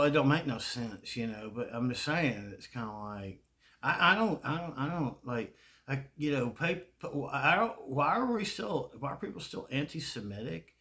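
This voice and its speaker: A man with a Southern US accent rambles through a casual monologue, swearing freely and breaking into laughter. His voice is bright and forceful, sitting at an ordinary pitch for a man. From American South. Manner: rambling, profane, laughs often. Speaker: video creator.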